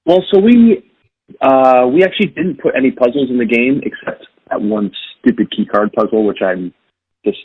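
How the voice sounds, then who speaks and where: A man's voice: mid-range voice, animated, moderate pace, breathy edge. A man who directs a game studio, answering interview questions in a candid, reflective way and thinking aloud. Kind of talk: casual podcast interview. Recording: dull lo-fi dry sound.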